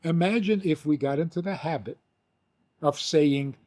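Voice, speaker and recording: An older man, a rabbi, teaching with an animated story, acting out the quotes and laughing often. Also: a little high, moderate pace.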